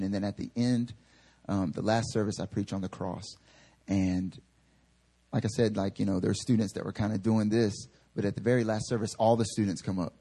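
A male pastor preaching a sermon in a casual, story-driven way, often acting out the people in his stories. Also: fairly low pitch. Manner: animated storyteller acting out quotes; casual filler-heavy delivery. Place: church service.

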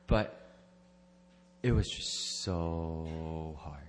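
Very slowly and in a very deep voice, a church member gives a personal testimony at church. He rambles, corrects himself, and laughs softly now and then.

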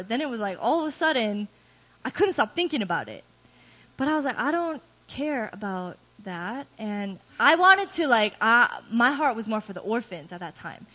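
A woman's voice: a little high, pushed and bright. A woman giving a personal testimony to a church group, telling her story candidly and poking fun at herself. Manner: candid, self-deprecating storytelling with laughs. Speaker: guest speaker giving testimony. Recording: dull lo-fi recording.

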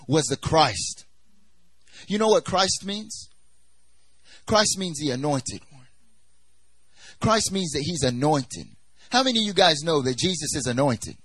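A man's voice: fairly high pitch, a bit bright, breathy edge, no room sound, rough recording. A young man preaching a sermon at a church service, talking in a loose, conversational way full of "like" and "you know", and acting out the voices he quotes.

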